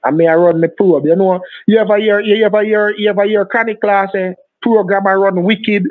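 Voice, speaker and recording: On a dry, tinny phone line, a man with a Jamaican accent and a high-sitting, steady voice talks a little fast. Playing a phone scammer in a heated argument, he taunts, threatens, and repeats insults again and again.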